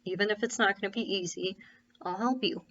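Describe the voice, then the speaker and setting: A woman's voice: mid-range voice, fairly quick, fairly bright tone, highs cut off, natural voice. A woman voicing a caring, firm middle-aged male parole officer, earnestly pleading and repeating key phrases.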